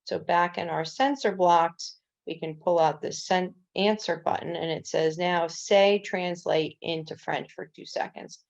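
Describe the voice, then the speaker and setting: A woman's voice: on the low side, steady tone, measured pace, creaky, few pauses. A woman coding instructor walking through a screen-recorded coding tutorial step by step, with casual fillers. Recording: dull lo-fi recording.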